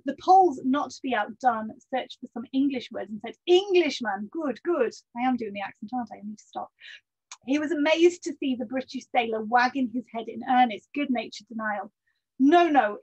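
A woman's voice: a little high, husky. Hesitant woman lecturing over dull lo-fi audio. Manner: hesitant, many ums and self-corrections, wry asides. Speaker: researcher giving a lecture. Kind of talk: online history lecture.

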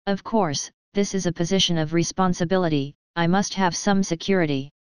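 A woman reading the lines of a boastful, pushy male con man who runs a company, in her own low, very smooth voice. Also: brisk, no echo, natural voice. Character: brash fast-talking male con-man company president. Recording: dry, slightly dull lo-fi.

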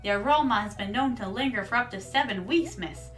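A woman's voice: fairly high pitch, brisk, recorded from a distance, faint music behind, lightly acted. A woman voicing a friendly older male fisherman in a game, with folksy old-sailor talk.

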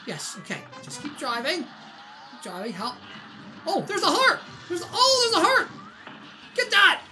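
Very high-voiced excitable woman gamer. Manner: excitable, exclaiming reactions. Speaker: gaming channel host. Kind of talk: let's play commentary. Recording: game music under voice.

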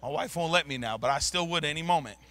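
A man preaching a sermon, telling stories in casual slang and swinging from low mutters to loud bursts. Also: quick pace. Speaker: pastor. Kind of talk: sermon storytelling. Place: church sanctuary.

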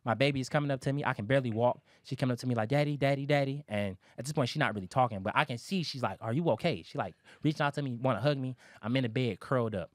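A man in his thirties recounting his own story at a quick clip, candid and emphatic, with plenty of swearing. His voice sits at an ordinary pitch and sounds close and dry, with no room around it. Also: no echo. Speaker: guest telling his life story. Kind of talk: casual storytelling interview.

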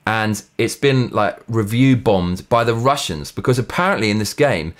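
A man's voice: fairly low pitch, expressive, moderate pace. A man hosting his own show, giving a blunt, profane, sarcastic rant. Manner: mock Russian accent when reading reviews aloud. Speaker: host. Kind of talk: ranting commentary.

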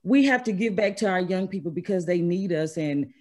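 A woman from Mississippi speaks over a video call, telling her own story in an earnest, measured way. She leans on key words with steady emphasis. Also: on the low side. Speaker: storytelling speaker, trauma specialist. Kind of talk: personal story told at an online event.

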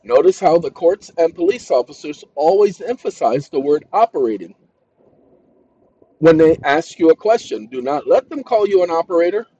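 High-voiced ranting man, lo-fi sound. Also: animated, moderate pace, breathy edge, no echo. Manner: reads text aloud, then shouts insults at an AI assistant. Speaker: channel host. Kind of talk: ranting commentary on legal terms.

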